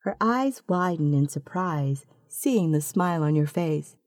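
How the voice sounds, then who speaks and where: Slow, mellow-voiced woman narrator. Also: deep voice, lively intonation, dry recording, studio quality. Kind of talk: second-person story narration.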